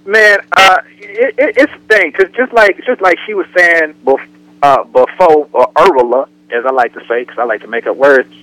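A man's voice: a little high, moderate pace, slight background noise, poor audio. A man co-hosting a casual radio talk show, telling jokes and acting out the way people talk. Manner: joking storyteller, animated impressions.

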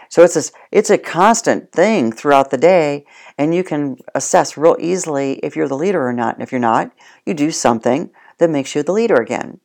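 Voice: medium pitch, lively intonation, a little fast, darkish tone. A dog trainer giving casual spoken instruction, plain-spoken and addressing the listener directly.

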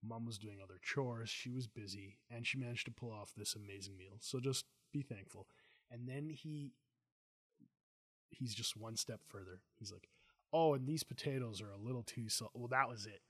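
A middle-aged man hosting a casual chat, telling lively family stories and acting out what people said. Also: lowish voice, moderate pace, slightly rough, no echo, studio quality. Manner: animated storyteller, acts out quotes. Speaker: host.

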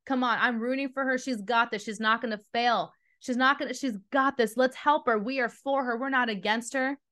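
A woman's voice: fairly high pitch, fairly even intonation, fairly bright tone, close to an everyday voice. A woman voicing Christ as an eager male advocate pleading with God, coaxing and cheering. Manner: coaxing, cheering, talks fast.

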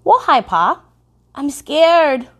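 A woman voicing a frightened little girl who clings and pleads in a high, slow, whiny voice. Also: sing-song, exaggerated voice.

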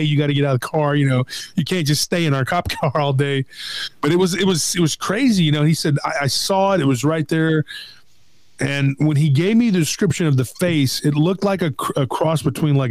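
A middle-aged man in casual conversation, retelling a story with lively acted-out quotes. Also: a little high, brisk, no echo. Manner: animated retelling, acts out quoted voices.

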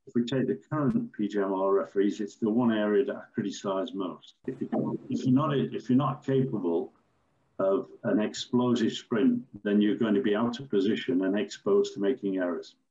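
An older man, a former referee, telling stories in a measured, storytelling way with some fillers. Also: lowish voice, warm tone, dull audio. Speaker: former football referee, podcast guest. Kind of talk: anecdotal interview answers.

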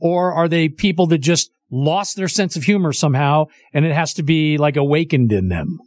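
High-pitched male host, dry sound. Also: moderate pace, dry recording. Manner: short reactions and questions. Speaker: talk show host. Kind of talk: casual interview.

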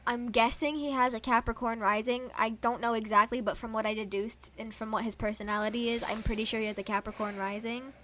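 Animated young woman gushing as a fan. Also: fairly high pitch, quick pace, few pauses, a little hiss or hum. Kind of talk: casual chat.

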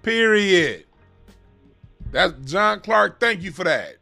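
A man in a casual, heated chat, talking in a profane, animated way. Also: a little high, normal speed, creaky. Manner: animated, profane, mocks other music with sung sounds.

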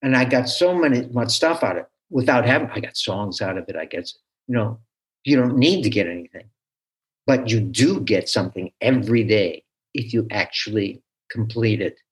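A man who teaches, talking as a guest in an interview in a halting, animated way with frequent restarts. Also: fairly low pitch. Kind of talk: conversational interview.

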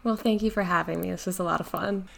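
A young woman appears as a guest in a casual interview about business development. Her voice is lowish, steady, gravelly, and a bit bright, and she talks fast. She's chatty and upbeat, says "like" often, and laughs easily.

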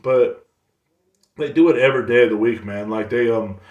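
A man's voice: medium pitch, moderate pace, phone-quality sound. A man hosting a podcast, ranting casually in a rambling, profane way with many restarts. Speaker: podcast host. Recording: roomy sound, distant from mic.

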